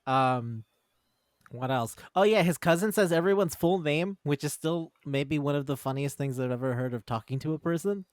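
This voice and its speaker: Excitable swearing man, dry close sound. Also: fairly high pitch, moderate pace, no room sound. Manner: excitable, swears freely, acts out characters' lines. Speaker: podcast co-host. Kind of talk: casual chat reviewing manga.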